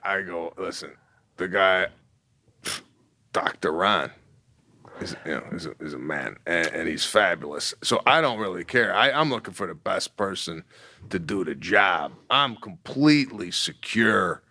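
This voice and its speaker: Man podcast co-host, lowish voice, bright edge, deadpan banter. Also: measured pace, no echo. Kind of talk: casual comedic banter.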